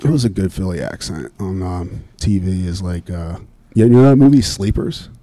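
A middle-aged man with a Philadelphia accent talks in a loose, rambling way, full of fillers and quick laughs. His voice sits on the low side, and the sound is dry and close with no room around it. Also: lively intonation, mellow, no echo. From Philadelphia area, USA. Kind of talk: casual chat.

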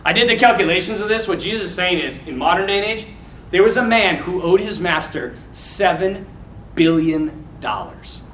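A man talks to a group of young men in a casual, animated way, telling scenes with feeling. His voice sits high and sounds bright and forceful. It is recorded from a distance in an echoey room with faint noise behind. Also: moderate pace. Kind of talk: informal talk to young men.

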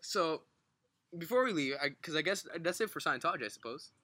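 Lively bright-voiced man mumbling casual podcast chat. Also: a little high, fairly quick, dry recording. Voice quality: thick, mumbled articulation. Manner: excitable, swears a lot, laughs often. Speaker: podcast co-host.

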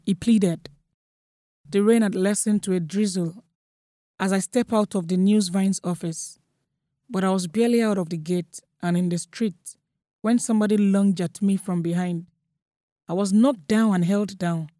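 A young woman with a Nigerian accent telling a first-person story in a steady, matter-of-fact way. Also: medium pitch, moderate pace, no room sound, studio quality. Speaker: narrator.

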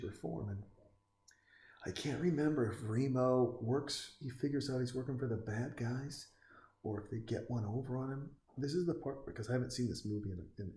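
Cussing dude from montana riffing on an old movie, lowish mellow voice, echoey room. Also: male voice, a little hiss or hum. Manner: profane, rambling, joking. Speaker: movie commentator. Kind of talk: casual watch-along commentary.

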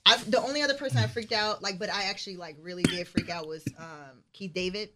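A chatty woman guest talks quickly in a casual podcast conversation, full of fillers. She laughs easily and plays out what others said. Clear crowd chatter runs behind her voice. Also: mid-range voice. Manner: chatty, fast with fillers, laughs and acts out quotes.

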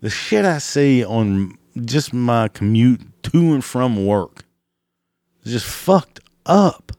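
A man's voice: medium pitch, very animated, takes it slowly, a little mellow, dry recording. A man delivering a crude, exasperated comedic rant, laughing at his own jokes, his voice cracking. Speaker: comedic ranter.

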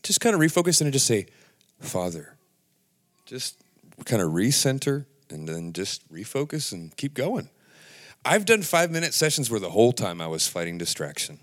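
A man giving an earnest, casual devotional talk, halting and full of restarts, sometimes dropping to a hushed near-whisper. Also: mid-range voice, sing-song. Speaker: Christian speaker.

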